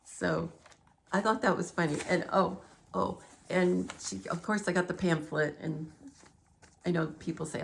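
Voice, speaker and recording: Gravelly-voiced chatty woman rambling at home. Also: on the low side, steady tone, unhurried, a little hiss or hum. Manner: chatty and digressive, laughing often. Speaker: vlogger. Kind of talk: rambling casual monologue.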